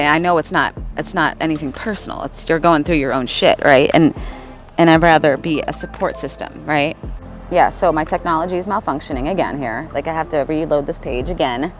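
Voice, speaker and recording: Woman, low voice, rambling casual vlog talk, soft music underneath. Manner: rambling, restarts often, frequent "right?". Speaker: channeler and astrology vlogger. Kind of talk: casual spiritual vlog with read-aloud horoscopes.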